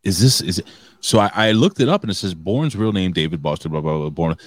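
A man's voice: deep voice, big pitch swings, fast talker, dry recording. A man co-hosting a wrestling review podcast, talking casually and animatedly, swearing freely and restarting his sentences. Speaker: podcast co-host.

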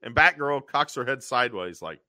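Man, podcast co-host, bright lively voice, acts out quotes, dry close mic. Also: mid-range voice, moderate pace, dry recording. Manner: animated storytelling, acting out quotes in funny voices; frequent throat clearing. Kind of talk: casual podcast recap.

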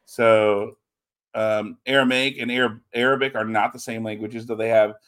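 A man's voice: fairly low pitch, steady tone, normal speed, fairly bright tone. A man co-hosting a show in casual chat, easygoing as he greets viewers in the chat. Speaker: podcast co-host.

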